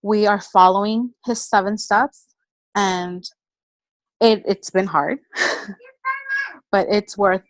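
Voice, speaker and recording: A woman giving a personal motivational talk in an energetic, chatty storytelling manner. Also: medium pitch, takes it slowly, long pauses, no echo, rough recording. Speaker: motivational speaker.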